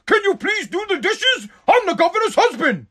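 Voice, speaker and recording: A man putting on a furious shrill wife. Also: big pitch swings, normal speed, fairly bright tone, heavily acted. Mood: furious, mocking. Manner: mocking, shrill, scolding. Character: furious sarcastic wife, grown woman.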